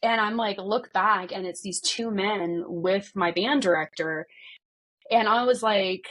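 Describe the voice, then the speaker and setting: Husky-voiced woman telling her story. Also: mid-range voice, a little slow. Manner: animated retelling with many "like" fillers, acting out quoted dialogue. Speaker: podcast guest. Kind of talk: personal storytelling in an interview.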